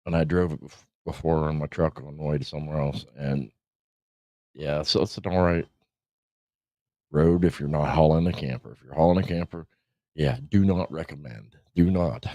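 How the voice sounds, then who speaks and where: This middle-aged podcast host has a rumbling low, mellow voice at a moderate pace, with no room sound. He hosts a casual livestream, rambling, swearing, and laughing often, all captured in dull lo-fi stream audio.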